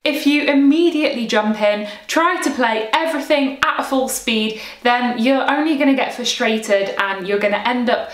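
A woman teaching recorder practice tips in a clear, encouraging way, sometimes singing rhythms aloud. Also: a little high, moderate pace, hardly any pauses, reverberant.

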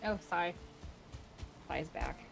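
A woman chatting with friends during a game, lively and quick to giggle. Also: on the low side, vocal fry, faint music behind. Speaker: fellow player. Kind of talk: casual gaming chat.

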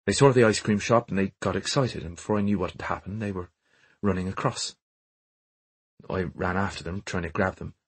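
A man's voice: sits low, brisk, husky, no room sound. A man voicing a serious Irish nanny in her thirties, telling her story earnestly. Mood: recounting.

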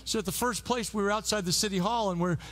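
A man preaching a sermon, telling stories in an animated way with frequent restarts. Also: high-pitched, quick pace. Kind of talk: sermon with storytelling. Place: church service.

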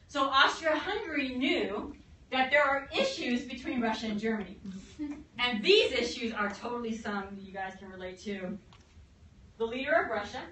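A woman history teacher giving a fast classroom lecture, acting out countries in quick comic voices. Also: a little high, pushed and bright, a little hiss or hum. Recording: echoey room, mic at a distance.

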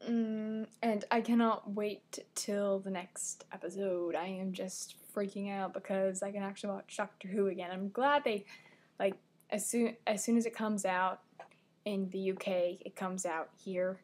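A teenage girl chats to her camera in a loose, rambling way, getting excited and stumbling over her own sentences as she backtracks. Her voice sits at an ordinary middle pitch for a young woman. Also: unhurried. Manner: rambling, excitable, self-correcting. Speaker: vlogger. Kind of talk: casual chat.

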